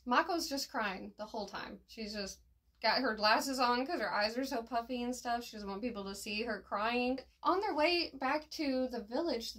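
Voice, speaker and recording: A woman's voice: a little high, a bit bright. Chatty, slangy woman reviewer. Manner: slangy and chatty, with fillers and laughs at slips. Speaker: manga reviewer. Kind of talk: casual chat review.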